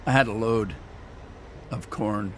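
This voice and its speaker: A man's voice: lowish voice, takes it slowly, a little hiss or hum. Rambling man narrating his farming game. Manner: chatty, rambling, self-teasing. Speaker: gaming streamer. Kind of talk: casual gameplay commentary.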